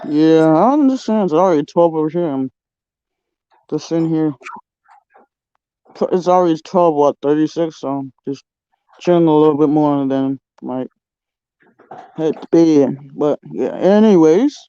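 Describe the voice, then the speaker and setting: Man, hesitant casual talker; smooth, mellow voice, lo-fi dry sound. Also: a little high, measured pace, pauses often, no room sound. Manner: hesitant, many fillers. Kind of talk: casual chat.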